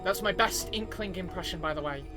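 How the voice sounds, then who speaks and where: A man's voice: high-pitched, a little fast. Chatty man commentating a game. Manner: chatty, hesitant, many "um" and "like" fillers. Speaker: gameplay commentator. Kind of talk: casual let's-play commentary. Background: game music.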